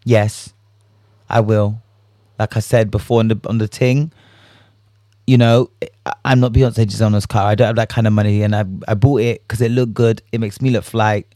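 A man hosting a casual solo chat, animated, laughing and swearing freely as he acts out reactions. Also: lowish voice, normal speed, no echo, clean studio sound.

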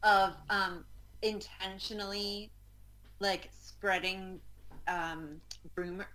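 Slow-talking playful woman co-host. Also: mid-range voice, level tone, bright, forceful tone, rough recording. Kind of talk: casual podcast banter.

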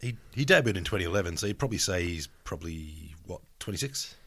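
A man chatting about football, cheeky and animated, swearing as he goes. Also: low-pitched, fast talker, breathy edge. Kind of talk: casual sports chat.

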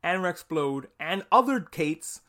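Animated, profane young male podcast host. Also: a little high. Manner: animated and profane, acts out characters' lines in quick asides. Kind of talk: casual solo podcast review.

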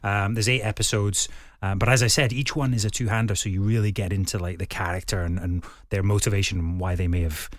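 A Scottish man with a lowish voice chats as an interview guest. He rambles a little, with plenty of fillers and restarts. His voice is recorded dry and close in a studio. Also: steady tone, quick pace, no echo. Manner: chatty, with many fillers and restarts. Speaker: actor guest.

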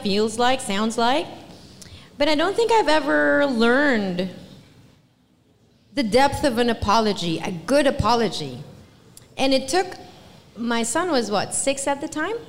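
A Filipino woman with a fairly high voice chats at a live podcast show. She talks in an animated way and drops Tagalog phrases into her English. Her voice rings out with the long reverb of a live venue. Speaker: podcast co-host.

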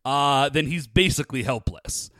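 With a medium pitch and moderate pace, this podcast co-host speaks in studio quality with no room sound. He goes over a TV episode casually and with animation, his talk full of fillers such as "like" and "uh."

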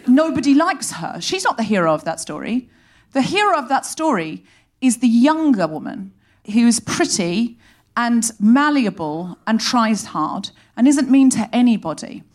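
Brief: female comedy host, animated and sardonic, live stage monologue, somewhat high voice. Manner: animated, sardonic, rapid comic storytelling. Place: live theatre stage before an audience.

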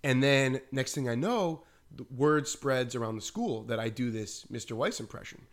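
A man's voice: mid-range voice, moderate pace. A man co-hosting a podcast, telling stories casually and animatedly, saying "like" often. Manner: animated, acts out quotes, says "like" often. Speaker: podcast co-host. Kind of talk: casual storytelling chat.

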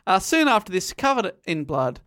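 Podcast host recapping a novel, mid-pitched. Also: sing-song, moderate pace, fairly bright tone. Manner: recounts the plot with laughter, quoting passages. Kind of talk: casual chat and story recap.

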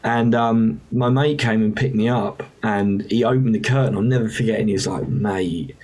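A man's voice: lowish voice, steady tone, brisk, a little mellow. A man, a musician guest, frankly recounting a hard time in an emotional, casually profane way. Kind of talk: candid storytelling.

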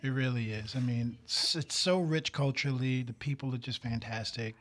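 A man's voice: medium pitch, moderate pace, fairly bright tone. A middle-aged man from Brooklyn with a Brooklyn accent, telling stories as a guest with real enthusiasm. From Brooklyn, New York. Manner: enthusiastic storyteller. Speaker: guest, television director. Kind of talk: casual studio chat.

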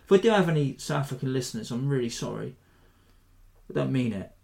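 A man hosting a podcast, giving a rambling, animated breakdown of a fight in a self-deprecating way. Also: mid-range voice, quick pace, vocal fry. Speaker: podcast host. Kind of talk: casual fight analysis.

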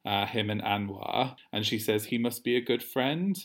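A man co-hosting a podcast, recapping a TV episode in casual chat, animated and quick to laugh. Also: medium pitch. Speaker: podcast co-host.

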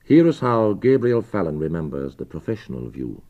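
A man presenting a radio documentary in a measured, scripted way, introducing archive voices. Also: low voice, sing-song, phone-quality sound.

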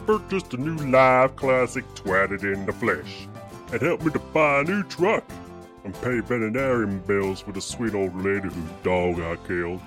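A man's voice: fairly low pitch, animated, moderate pace, a bit bright, faint music behind. A man voicing a boastful, washed-up male country singer in a spoof radio advert, with folksy salesman patter. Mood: hammy pitch.

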